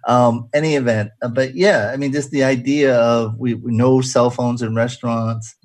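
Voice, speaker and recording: A man's voice: mid-range voice, steady tone, normal speed, darkish tone, no room sound. A man hosting a casual radio talk show, chatty and jokey, rambling with restarts.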